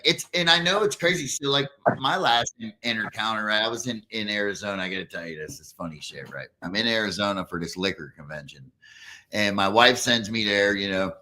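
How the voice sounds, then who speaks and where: A man hosting a casual chat, telling stories in an animated, profane way. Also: lowish voice.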